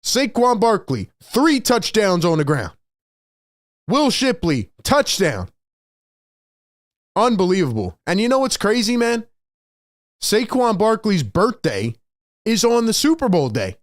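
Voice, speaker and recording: A man hosting a postgame sports show, talking in an excited, emphatic way and repeating his key points, worked up with excitement. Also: sits high, a little slow, pauses often, no echo, studio quality. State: overexcited.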